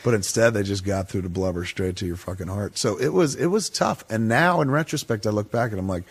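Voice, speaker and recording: A man telling a story in a casual, profane way, acting out the people in it with higher voices. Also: fairly quick, husky. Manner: animated, swears constantly, acts out quoted people in higher voices. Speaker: guest storyteller.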